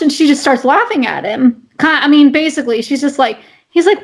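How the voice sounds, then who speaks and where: A woman co-hosting a podcast talks in a high, light voice. She rambles casually and keeps restarting her sentences. Her talk is stuffed with fillers. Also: fast, hardly any pauses. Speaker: podcast co-host. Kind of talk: casual chat.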